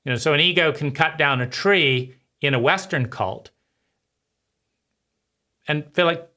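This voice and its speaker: A man hosting his own channel, giving a slow, deliberate philosophical monologue with frequent pauses between phrases. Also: fairly high pitch, pushed and bright. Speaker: channel host.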